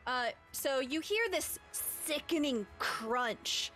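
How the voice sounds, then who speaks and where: A woman's voice: high-pitched, expressive, takes it slowly, sharp tone, soft background music. Laughing woman game master. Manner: laughing, casual, swears. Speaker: dungeon master. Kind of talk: running a tabletop game.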